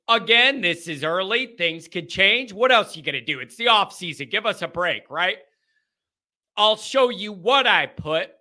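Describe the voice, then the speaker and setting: A man's voice: high voice, bright, forceful tone. A man hosting a sports podcast, talking through his predictions in an emphatic, opinionated and sarcastic way. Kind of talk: casual sports commentary.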